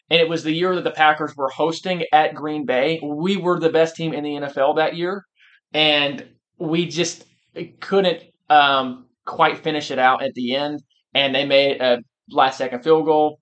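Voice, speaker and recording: A podcast co-host with a slightly high, fairly bright voice talks sports casually. He's emphatic and very animated, frequently restarting his sentences as he presses his point.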